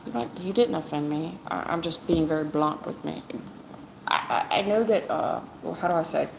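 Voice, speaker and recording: A woman with a low, gravelly voice reads tarot for a live chat. She talks bluntly, almost sarcastically, to her viewers, and her voice sounds echoey, with steady noise behind it. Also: normal speed. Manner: talks straight to chat viewers, calls them baby and hon. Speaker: tarot reader on a livestream. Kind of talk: blunt casual livestream chat. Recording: echoey room with clear background noise.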